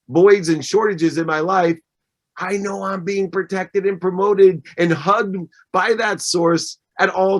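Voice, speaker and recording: A man's voice: a little high, fairly bright tone. Emphatic motivational speaker man in his 50s. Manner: emphatic, repeats phrases in triplets. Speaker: guest speaker. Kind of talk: motivational speech.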